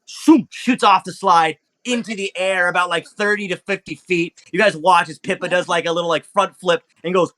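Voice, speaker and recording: A man narrating as game master, animated, with sound effects and lots of fillers. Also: sits high, normal speed, few pauses.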